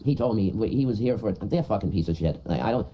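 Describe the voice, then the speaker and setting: A man's voice: lowish voice, animated, fast talker, dark tone, poor audio. A man on a livestream, rambling crudely and repeating himself in casual chat.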